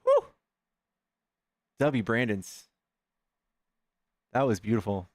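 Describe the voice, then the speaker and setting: A man hosts a casual livestream in an excitable, chatty way, reading donations aloud. His voice sits in a middle pitch. The sound is dry and close, with no room echo. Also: slow. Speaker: livestream host.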